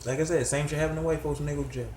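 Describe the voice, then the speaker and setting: A man's voice: fairly high pitch, steady tone, racing, darkish tone, roomy sound, a little hiss or hum. A middle-aged man giving a heated, profane commentary rant that rises into disbelieving outbursts. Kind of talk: ranting commentary.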